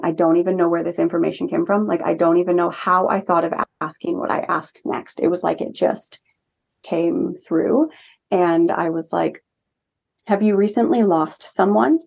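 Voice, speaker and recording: A young woman with a lowish, gravelly voice recounts a personal experience in a casual podcast conversation. She talks in an earnest, chatty way, full of "like" fillers. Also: darkish tone. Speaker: guest, holistic healing practitioner. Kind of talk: casual storytelling in a podcast interview.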